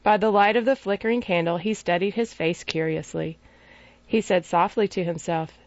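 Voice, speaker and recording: A woman's voice: on the low side, dry recording. Woman narrating an audiobook, dry sound. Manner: measured, gives characters distinct voices. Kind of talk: scripted narration. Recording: dry, slightly dull recording.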